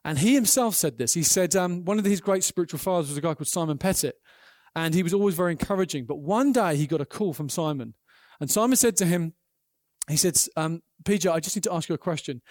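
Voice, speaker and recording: High-voiced preacher, earnest. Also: male voice, fairly quick, no echo, studio quality. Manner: earnest, animated storytelling with acted quotes. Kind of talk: sermon.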